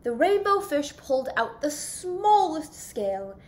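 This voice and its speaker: Young woman, high-pitched, unhurried, sing-song storybook reading. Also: big pitch swings, a little mellow. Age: young adult. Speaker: youth volunteer reading aloud. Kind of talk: children's storybook read-aloud.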